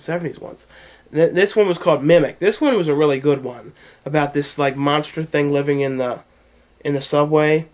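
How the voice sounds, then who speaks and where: A man casually reviewing his horror DVD collection, rambling with lots of filler words. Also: fairly high pitch. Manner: rambling, heavy use of "like" and "you know".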